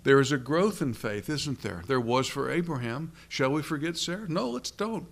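A middle-aged man delivers a sermon in a mid-pitched voice. He reads scripture aloud and puts questions to his listeners. He slows right down to stress key phrases. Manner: deliberate, asks the congregation questions, slows down for emphasis. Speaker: preacher.

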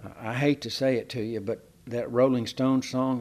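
A man's voice: medium pitch, steady tone, normal speed, darkish tone. A pastor preaching a sermon in a folksy, conversational way, asking his listeners questions.

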